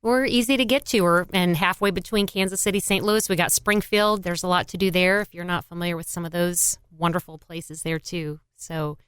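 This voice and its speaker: A woman's voice: on the low side, fairly even intonation, fairly quick, few pauses, a bit bright, clean tone, dry recording, clean studio sound. A woman in her fifties from Missouri, a former mayor and shop owner, chatting proudly and steadily as a podcast guest. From Missouri, USA. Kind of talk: casual podcast chat.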